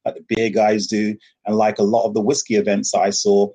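A man's voice: lowish voice, completely flat delivery, fairly quick, mellow, slightly rough. A man, a festival founder, talking animatedly in an interview, laughing often and acting out voices in his stories. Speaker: rum festival founder, guest. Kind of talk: casual interview talk.

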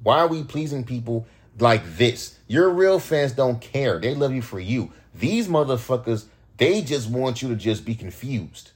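A man's voice: medium pitch, animated, measured pace, few pauses, slightly rough. A man in his thirties, a rapper hosting his own podcast, ranting in casual, heated, profane talk.

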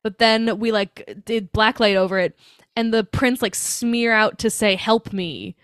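A woman's voice: fairly high pitch, a little slow, a bit bright, clean tone, no room sound. Sarcastic young woman, dry close voice. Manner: chatty, sarcastic asides, frequent fillers. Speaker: podcast co-host. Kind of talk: casual movie recap chat.

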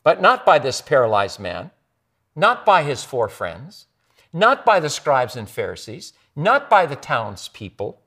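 A man preaching a sermon as pastor, with expressive delivery that drops to soft, quiet lines for emphasis. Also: mid-range voice, unhurried.

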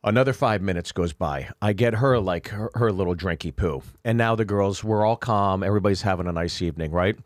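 A man's voice: sits low, a little fast, few pauses, no room sound, clean studio sound. A man co-hosting a podcast, telling a long funny anecdote in casual chat and acting out the people in it. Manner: animated anecdote-telling with voiced quotes. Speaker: podcast co-host.

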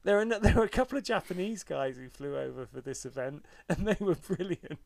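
A man's voice: high-pitched, lively intonation, a little fast, gravelly, a little mellow. A middle-aged man, a podcast co-host, telling stories in a wry, self-mocking way and swearing freely in casual chat.

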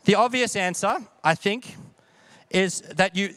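A man with a notably high voice preaches a sermon, talking casually and often asking his listeners questions. The sound is dry and close, with no room around it. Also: expressive, unhurried, long pauses, fairly bright tone, no echo. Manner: conversational, asks the audience questions. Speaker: pastor.

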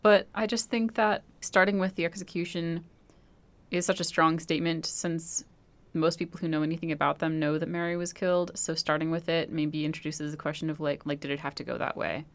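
A young woman co-hosts a casual podcast chat about a film. Her voice sits very low and carries plenty of vocal fry and gravel. She reasons things through in a thoughtful, talkative way. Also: fairly even intonation, a little fast. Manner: thoughtful, analytical, chatty. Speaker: podcast co-host.

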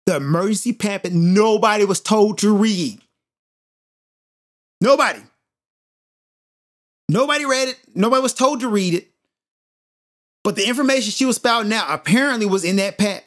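A man hosting a podcast, telling a story in an animated, emphatic monologue and repeating points for effect. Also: high-pitched, moderate pace. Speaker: podcast host.

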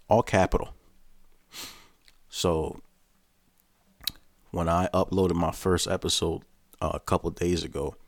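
A man's voice: low-pitched, dry recording. A man hosting his own podcast, talking bluntly and profanely in a casual ranting style. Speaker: podcast host. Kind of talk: casual solo podcast rant.

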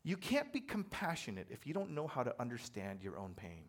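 A man preaching a sermon in a conversational, animated way, telling personal stories with self-deprecating humor. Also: mid-range voice, fairly quick. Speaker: pastor.

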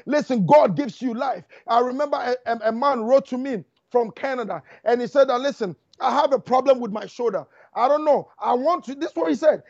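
A man preaching a fervent sermon, talking fast and repeating lines for emphasis. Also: extremely high pitch, darkish tone, no echo. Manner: fast, rushing delivery. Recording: dull lo-fi dry recording.

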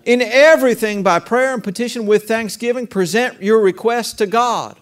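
Male pastor, high-pitched, conversational sermon with call-and-response. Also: moderate pace, fairly bright tone. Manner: conversational preaching with rhetorical questions and call-and-response.

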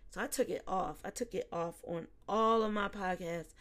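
A woman in her forties hosting a psychic podcast, chatting casually with listeners, laughing often and dropping to a soft, quiet voice when reflective. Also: mid-range voice, moderate pace. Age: 40s.

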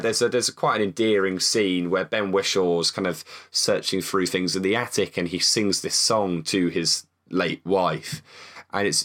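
Chatty, lower-voiced man. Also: a bit bright. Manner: chatty, swears casually, stumbles and repeats words. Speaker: film review podcast co-host. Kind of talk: casual chat.

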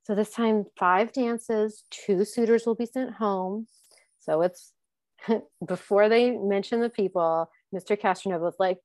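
A woman's voice: medium pitch, steady tone, unhurried, a little mellow, dry recording. A woman hosting a casual chat, recapping a show with frequent laughter and acted-out quotes. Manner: chatty, laughs often, acts out quotes. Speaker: podcast host recapping a dating show.

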